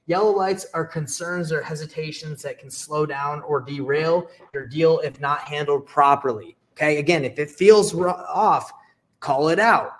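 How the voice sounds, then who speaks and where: A young adult man giving a live sales training, energetic and repetitive, checking in with "okay" and acting out sample calls. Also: fairly high pitch, moderate pace. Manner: energetic, repeats "okay" and "all right", acts out sample seller calls. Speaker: real estate sales coach. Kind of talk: live training talk to camera.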